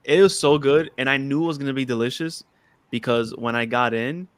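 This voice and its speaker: A young man hosting a podcast in casual chat, animated, saying "bro" and "yo" a lot. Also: medium pitch, brisk. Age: young adult. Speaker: podcast host.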